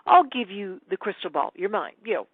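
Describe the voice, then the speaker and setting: Woman putting on a high wheedling goblin king. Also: big pitch swings, a little fast, husky, no room sound, narrow, tinny audio. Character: smooth-talking male goblin king, coaxing and possessive.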